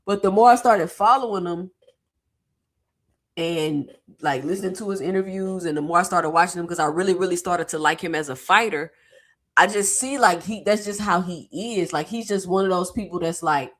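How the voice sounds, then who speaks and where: A woman hosting a casual boxing commentary vlog, chatty and slangy, her throat a little sore from yelling. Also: fairly low pitch, normal speed.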